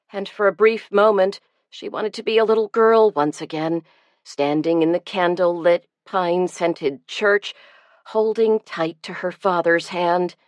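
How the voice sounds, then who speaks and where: A woman narrating an audiobook in a measured, gentle storytelling manner. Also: on the low side, dry recording. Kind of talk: scripted narration.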